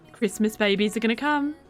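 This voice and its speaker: A young woman with a slightly high, somewhat bright voice plays a game on stream, reacting as she goes. She chats casually and thanks individual viewers by name, with faint music in the background.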